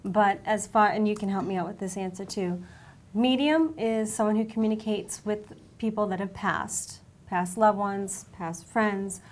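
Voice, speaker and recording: A woman's voice: mid-range voice, unhurried. A woman hosting a talk show as a spirit medium, chatty and upbeat as she leads the conversation in a studio. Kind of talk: casual chat.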